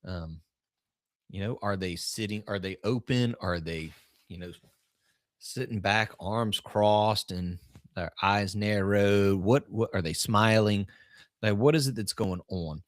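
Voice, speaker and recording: A man's voice: fairly low pitch, takes it slowly, no echo. A man hosting a coaching podcast, talking casually and rambling a little, with restarts and shifting emphasis. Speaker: podcast host and business coach.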